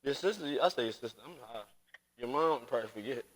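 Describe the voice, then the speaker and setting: A man's voice: mid-range voice, expressive, fast. A man chatting casually while gaming on a live stream, rambling and teasing with lots of profanity. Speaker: streamer and father.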